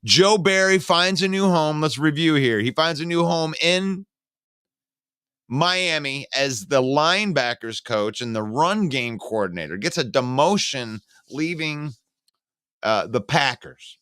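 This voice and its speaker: A man hosting a live-streamed football talk show, casually greeting viewers by name, reading comments and giving opinionated, animated takes. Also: a little high, unhurried, smooth, dry recording, studio quality. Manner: opinionated and animated, rants with sarcasm. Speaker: sports talk show host.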